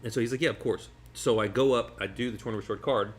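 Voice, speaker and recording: A man, a magician guest, telling stories in casual chat over food, rambling and animated with many restarts. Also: medium pitch, quick pace. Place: sitting at a table over food.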